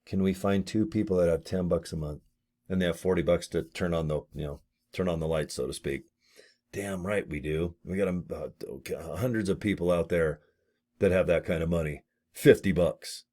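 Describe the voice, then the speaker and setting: A man in his late fifties, a network marketing affiliate, chats casually to camera about a business opportunity. His voice is low with a darkish tone at a normal speed, and his folksy, blunt delivery includes mild swearing and rambling asides.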